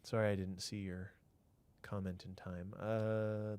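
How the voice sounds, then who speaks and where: A man with a fairly low voice talks through a city-building game as he streams it. He thinks aloud, answers chat and now and then drops into a near-whispered mutter. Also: little pitch movement, measured pace, darkish tone, clear, resonant tone. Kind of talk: casual game commentary.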